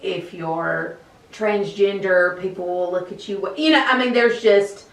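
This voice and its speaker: A woman's voice: mid-range voice, unhurried. A woman teacher answering interview questions in a conversational way, with frequent fillers. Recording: echoey room, mic at a distance.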